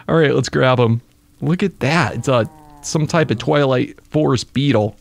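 Excitable gravelly man gaming. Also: medium pitch, moderate pace. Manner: excitable, exclaims at creatures. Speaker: let's play gamer. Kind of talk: casual gaming commentary.

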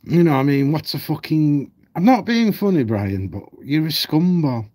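A man's voice: fairly high pitch, expressive, normal speed, darkish tone. A man ranting at home on his channel, blunt, heated and full of swearing. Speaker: vlogger. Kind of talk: ranting commentary.

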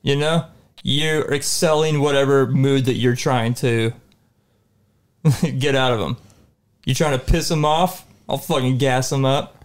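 Male co-host, loose and profane, quick to laugh. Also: medium pitch. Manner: laughs often, swears. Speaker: podcast co-host. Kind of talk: crude casual banter.

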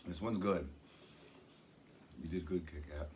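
A man's voice: deep voice, unhurried, slight background noise. A man hosting a casual snack review, talking in a jokey, upbeat way. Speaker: channel host.

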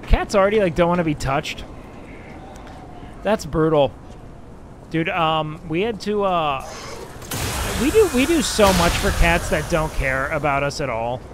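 A young man chatting casually on a game stream, rambling and swearing, with sudden excited outbursts. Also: a little high, takes it slowly, pauses often, noisy background. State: sleepy. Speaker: livestreamer. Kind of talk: casual gaming stream chat.

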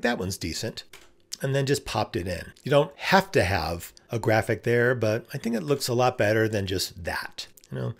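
A man, a business coach, talking casually through a screen-share design tutorial, thinking aloud with frequent fillers. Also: medium pitch.

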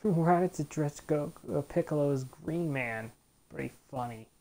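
Very low-voiced woman rambling over gameplay. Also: a little slow, dark tone. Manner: rambling, chatty, retells scenes. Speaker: let's play host. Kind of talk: casual gameplay commentary.

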